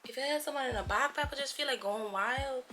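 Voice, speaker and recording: A woman's voice: sits high, fairly quick, sharp tone, slight background noise. A young woman in a casual vlog to camera, talking in a playful, chatty way with slangy asides in her morning voice. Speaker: vlogger.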